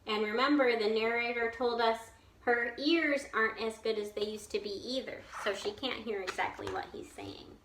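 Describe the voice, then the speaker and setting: A woman teacher reading a children's picture book aloud, slowly and expressively, pausing to explain to her listeners. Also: on the high side, slight background noise. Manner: slow, expressive storytelling with asides to listeners.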